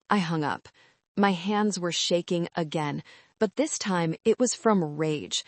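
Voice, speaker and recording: A woman narrating a first-person story in a calm, measured, coldly resolved way. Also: on the low side, no echo.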